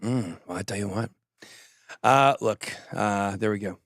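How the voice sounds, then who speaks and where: A man's voice: on the low side, unhurried, fairly bright tone, dry recording, clean studio sound. A man hosting a crypto show in casual chat, joking and poking fun at himself while reading the news with tangents. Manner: joking, self-mocking, reads news with tangents.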